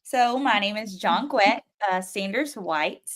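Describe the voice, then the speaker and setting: A woman who is an author and coach speaks as a guest on a talk show. Her voice sits at a middle pitch, and she comes across as humble, friendly and upbeat. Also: lively intonation, slow pace. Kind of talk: casual interview chat.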